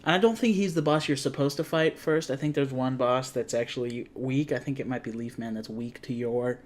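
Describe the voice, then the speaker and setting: A man's voice: mid-range voice, brisk. A young man co-hosting a casual gaming chat, rambling and often correcting himself mid-sentence. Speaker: co-host. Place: garage.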